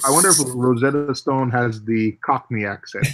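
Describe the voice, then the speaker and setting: A man's voice: medium pitch, moderate pace, a bit bright. A man hosting a casual group livestream chat. He laughs easily and trails off and restarts mid-sentence. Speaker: livestream host.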